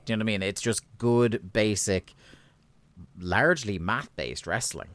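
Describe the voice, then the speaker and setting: A man co-hosting a casual podcast recap, sweary and sardonic, getting animated when he rants. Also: lowish voice, moderate pace, dry recording. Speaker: podcast co-host.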